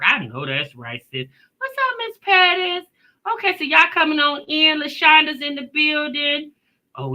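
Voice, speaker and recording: A woman's voice: high-pitched, pushed and bright. A woman hosting a casual livestream, greeting viewers by name and chatting, tired after a day at work. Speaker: reaction channel host.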